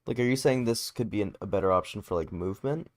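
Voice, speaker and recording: A tired man livestreams his game development work, chatting casually and fielding viewer questions as he goes. His voice is lowish and quick, and the talk mixes relaxed stream banter with explanations of his code.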